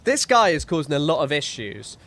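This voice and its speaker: A man's voice: fairly high pitch, sing-song, brisk, a bit bright. A man streaming a game, chatting casually and with amusement to his viewers and a teammate. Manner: amused, chatty, reacts and speaks to his chat. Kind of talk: casual livestream commentary.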